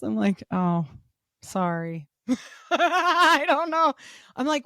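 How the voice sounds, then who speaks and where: A woman in her thirties, a podcast guest chatting casually, telling stories with lots of laughter and playing the other people in them in a higher voice. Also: slow pace, long pauses, no echo, clean studio sound. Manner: animated storyteller, acts out quotes in a higher voice; laughs often, swears casually.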